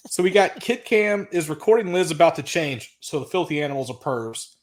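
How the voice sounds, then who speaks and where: A wrestling podcast co-host chats casually through a recap of an old episode, blunt, exasperated and often cursing. He's expressive and brisk, with a fairly high-pitched voice.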